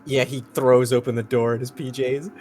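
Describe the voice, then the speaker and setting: A man's voice: mid-range voice, level tone, normal speed, warm tone, a little hiss or hum. A man playing a tabletop role-playing game, eagerly describing his character's actions. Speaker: player. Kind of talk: casual tabletop play.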